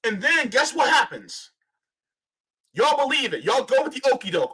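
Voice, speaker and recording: A man's voice: very high-pitched, very animated, moderate pace, pushed and bright, husky, poor audio. Impassioned man ranting on a stream. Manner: impassioned, ranting, rhetorical questions. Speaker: political commentary streamer. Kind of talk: live-stream political commentary.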